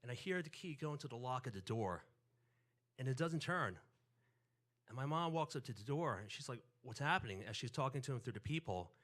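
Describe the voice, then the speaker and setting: A man's voice: mid-range voice, fairly quick. A man, telling a personal story on stage and acting out family voices. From New York. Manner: animated, acts out quotes and family voices.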